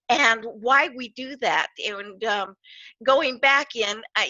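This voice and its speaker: Bright, high-voiced older woman host. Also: no echo. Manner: animated, explanatory, self-correcting. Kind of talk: live online show chat. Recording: dull, dry online stream audio.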